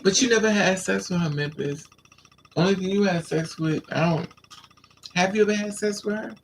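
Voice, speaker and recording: A man telling a raunchy story to his live chat in a flamboyant, sassy way, laughing and squealing up high. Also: moderate pace, gravelly, a little hiss or hum. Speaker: live stream host.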